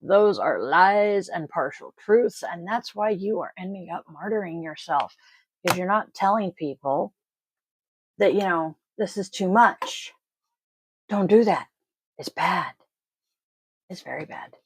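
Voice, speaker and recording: In a dry, low-quality recording, a woman with a fairly low, slightly rough voice hosts a daily tarot and oracle card reading from home, family audible off-mic. She's animated yet slow, leaving long pauses, and talks casually with blunt swearing and rambling asides.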